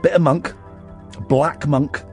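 A man's voice: on the high side, fairly even intonation, slow, darkish tone, soft background music. A man hosting a late-night radio show, reading a tabloid story aloud with wry, mock-dramatic asides into a studio microphone.

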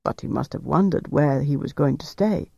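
A smooth, calculating officer questions a prisoner in a gentle, coaxing tone, as a man reading a novel puts him on. The voice is mellow and dark, recorded dry and slightly dull. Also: fairly high pitch, moderate pace, dry recording. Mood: probing. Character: cool, calculating male officer interrogator.

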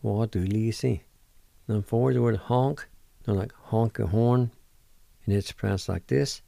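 A middle-aged man hosting a language lesson, spelling words letter by letter and repeating each one slowly. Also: on the low side, creaky, dark tone, no echo. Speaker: radio host teaching words. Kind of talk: slow word-by-word language lesson.

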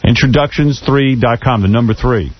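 A man's voice: medium pitch, moderate pace, breathy edge. A man hosting a radio show, talking bluntly and teasing his guests in casual chat. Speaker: radio host. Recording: lo-fi radio broadcast.

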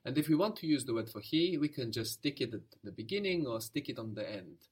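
A man's voice: mid-range voice, lively intonation, fast, breathy edge. A man teaching a language lesson, patiently prompting, repeating answers and explaining where words come from.

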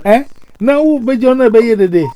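A man talking in a lively, excitable way, often repeating words and restarting his sentences. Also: extremely high pitch, moderate pace. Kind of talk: lively spontaneous speech. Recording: crowd noise behind.

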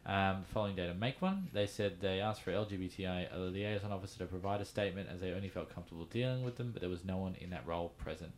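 A man's voice: deep voice, fast, few pauses, a little hiss or hum. An Australian man on a podcast who reads out a news item and then tells his own story in casual chat, with fillers as he goes.

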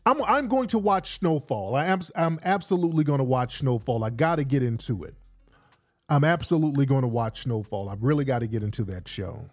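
Male host, casual slang commentary; lively delivery with faint music underneath. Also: mid-range voice, brisk. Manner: animated, streetwise slang, repeats himself. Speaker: podcast host.

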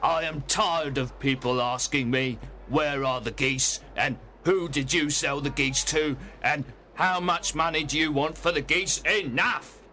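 A man voicing an angry, fed-up male market seller who shouts irritably, in a storybook reading. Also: on the high side, unhurried, few pauses, slight background noise, voice pushed up.

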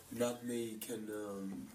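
A feverish man with a cracking voice, rambling casually, swearing and clearing his throat a lot. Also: medium pitch. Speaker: musician jamming with friends. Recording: echoey room mic from far off with noise.

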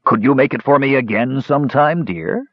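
A man's voice: on the low side, huge pitch swings, normal speed, husky, no echo, full character voice. A man voicing a short-tempered, scheming brute of a swordsman who snaps at people, in a slightly muffled recording. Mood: fake sweet. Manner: snapping, then fake sweetness.

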